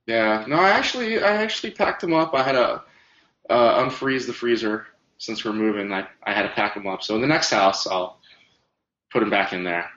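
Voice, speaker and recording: A low-voiced man talks in an easygoing, casual way and laughs along with the others. His voice sits in an echoey room, and the recording is dull and lo-fi. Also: lively intonation, moderate pace, fairly bright tone. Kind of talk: casual chat about retro cartoons and toys. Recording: dull lo-fi roomy sound.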